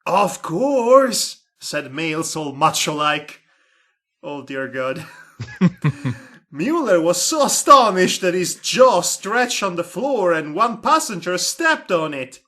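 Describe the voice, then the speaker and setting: Guy reading a silly story out loud, slow, bright high voice, sarcastic asides. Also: expressive. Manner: sarcastic asides and laughter between lines. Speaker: host reading a comic story aloud. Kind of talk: comedic dramatic reading.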